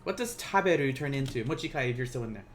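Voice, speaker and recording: A man teaching a casual live-streamed Japanese lesson, joking with viewers and slowing down to pronounce each word. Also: mid-range voice, lively intonation, soft background music. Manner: playful, laughs and teases chat viewers; slows down to pronounce Japanese words.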